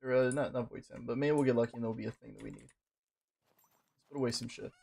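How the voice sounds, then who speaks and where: A man's voice: medium pitch, quick pace, vocal fry, slightly rough. A man giving casual, profane running commentary while playing a game, swearing at things on screen. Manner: profane, excitable, talks to the game. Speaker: gaming streamer.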